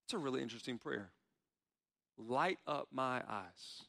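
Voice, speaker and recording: A man's voice: medium pitch, animated, unhurried, vocal fry, fairly bright tone, big-room sound. A man preaching a sermon, earnest in tone, voicing heartfelt pleas as he quotes prayers. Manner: earnest, pleading when quoting prayers. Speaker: pastor.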